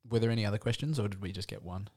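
A man's voice: fairly low pitch, very fast, darkish tone. A young man, co-hosting a podcast in casual chat, rambling through stories and laughing often. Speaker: podcast co-host.

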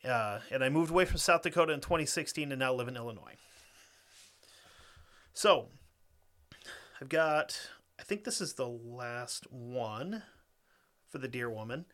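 A man's voice: medium pitch, animated, a bit bright. A young man co-hosting a podcast, cursing freely, ranting and laughing, then reading a story aloud. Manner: profane, rants fast and laughs a lot. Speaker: podcast co-host.

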